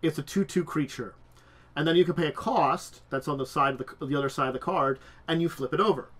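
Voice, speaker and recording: A man's voice: a little high, quick pace, a bit bright. Rambling man hosting a tabletop talk show. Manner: rambling with frequent restarts and fillers. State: sick and tired. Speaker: podcast host. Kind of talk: casual chat.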